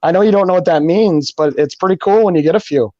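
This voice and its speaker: A man's voice: high voice, quick pace, mellow, no echo, lo-fi sound. A man taunting and heckling his opponent in a heated live-stream argument. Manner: taunting, mocking, needling. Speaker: YouTuber debating in a stream.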